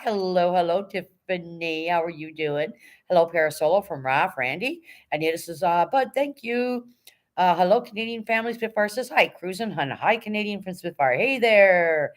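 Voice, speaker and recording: A woman's voice: on the low side, normal speed. A woman hosting a casual livestream, firmly but politely moderating her chat and reading messages aloud. She sounds tired. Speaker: livestream host.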